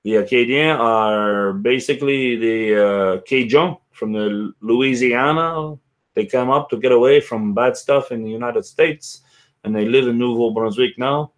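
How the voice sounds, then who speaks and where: A man's voice: medium pitch, unhurried. A man hosting a casual whisky live stream, rambling and chatting with viewers by name. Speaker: livestream host.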